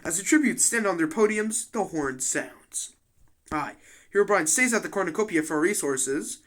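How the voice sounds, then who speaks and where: Slangy, cursing young man with a high voice. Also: animated, moderate pace, a bit bright. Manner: swears a lot, slangy, joking asides. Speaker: commentator. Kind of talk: casual commentary on a game simulation.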